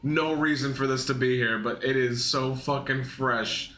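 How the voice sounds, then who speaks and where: A young man in casual, profane reaction commentary, excitable and laughing, mocking the characters in put-on voices. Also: medium pitch, measured pace. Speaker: anime reaction youtuber. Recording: echoey room.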